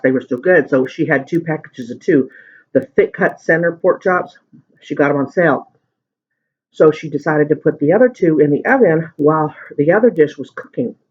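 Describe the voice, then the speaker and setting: Man, high-ish voice, chatty home-video eater rambling on, muffled lo-fi sound. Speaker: mukbang vlogger. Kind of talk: casual chat while eating. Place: at home at the dinner table.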